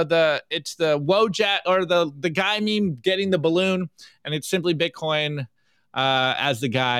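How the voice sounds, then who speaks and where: A man co-hosting a casual podcast, reviewing memes with animated, jokey delivery and frequent laughs. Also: on the high side, clear, resonant tone, no room sound, clean studio sound. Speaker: co-host.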